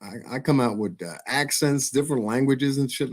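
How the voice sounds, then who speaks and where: A man hosting his live stream, signing off in a relaxed, chatty way and laughing often. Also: mid-range voice, moderate pace, few pauses. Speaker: host of a live show. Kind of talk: casual live-stream sign-off.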